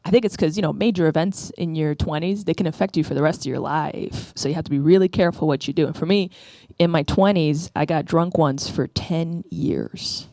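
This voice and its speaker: Speaking into a stage mic at a comedy club, a Bronx, New York comedian in her 30s rambles through self-deprecating stand-up, frequently tossing in "right?" Her low, warm voice moves briskly with few pauses, and there's no echo.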